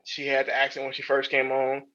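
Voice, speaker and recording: A man's voice: medium pitch, monotone, a little fast, sharp tone. A man co-hosting a podcast, chatting casually with rambling, profane opinions and many restarts. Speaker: podcast co-host. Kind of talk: casual chat. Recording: dull lo-fi sound.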